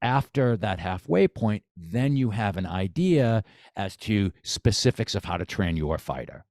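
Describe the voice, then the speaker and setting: A man with a lowish, darkish, expressive voice speaks at a measured pace as a guest on a casual podcast. He's a boxing coach, eager and given to repeating phrases and restarting sentences. The recording is studio quality with no room sound.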